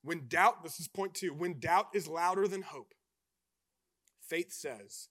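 A man preaching a sermon with passion, swinging between hushed, intimate lines and loud emphatic ones. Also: fairly high pitch, slow. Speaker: pastor.

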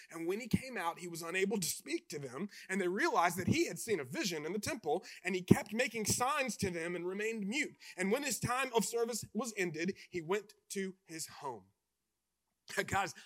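Male pastor, high bright voice, passionate sermon, hushed then loud.

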